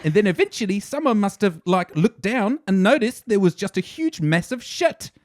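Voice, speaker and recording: Man doing New Zealand accent, gig witness, excited retelling, high pitched. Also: normal speed, no room sound, studio quality. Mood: aghast retelling. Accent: put-on New Zealand. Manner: excited, rising, breathless retelling. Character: shocked New Zealand concert-goer recounting gross gig.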